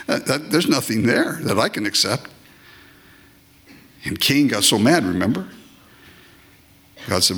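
In a mid-range, sing-song voice that is a bit bright with a breathy edge, a pastor preaches slowly and leaves long pauses. He's emphatic and repetitive, now and then breaking into short comic voices of worshippers and God.

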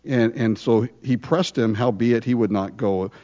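Animated preaching man, dull recording. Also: mid-range voice, measured pace. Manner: animated, conversational preaching with rhetorical questions. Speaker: pastor. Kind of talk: sermon.

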